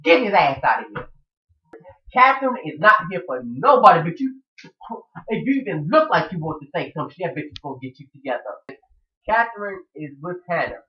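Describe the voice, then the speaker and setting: A man recapping a TV episode in casual, profane, animated talk, acting out the characters' lines. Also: high voice, brisk, reverberant, recorded from a distance, highs cut off. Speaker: TV show recap reviewer.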